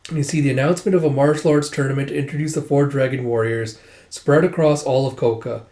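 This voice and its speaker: A man's voice: medium pitch, steady tone, fast, dark tone, echoey room. A man casually recapping a comic volume, rambling and stringing quotes together with "it's like". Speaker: comic book reviewer.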